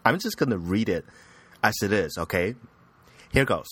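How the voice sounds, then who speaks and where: A young man talks through anime news in a loose, rambling way, jumping around in pitch with a bright, forward tone. He's crude and self-mocking, and the recording is close and dry, with no room sound. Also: expressive, normal speed, long pauses, slightly rough, dry recording. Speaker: podcast host. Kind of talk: casual anime news commentary.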